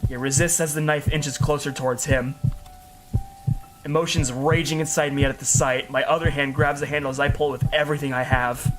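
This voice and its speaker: A man's voice: fairly high pitch, little pitch movement, fairly quick, music in the background. A man giving an earnest, emotional first-person story narration as a storyteller.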